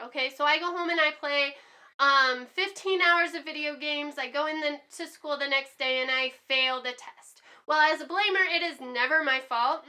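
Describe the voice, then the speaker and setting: A woman's voice: high-pitched, moderate pace, pushed and bright. A woman teaching a lesson in a chatty way, acting out examples with many fillers. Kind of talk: classroom lesson.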